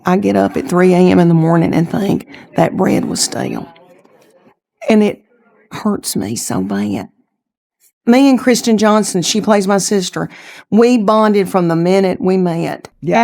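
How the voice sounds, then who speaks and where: A woman's voice: lowish voice, creaky, mellow. Folksy Southern woman in her fifties. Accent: Southern US, East Tennessee. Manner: folksy, drawling, calls the listener honey. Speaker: interviewee. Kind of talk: casual interview storytelling.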